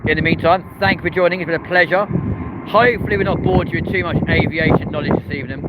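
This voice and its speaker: A man's voice: fairly high pitch, fairly even intonation, fast talker, dull audio. A man hosting a live stream outdoors beside an airport runway, chatting cheerily and reading out viewers' comments in casual British slang. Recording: loud wind and traffic noise outdoors. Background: wind and passing vehicles.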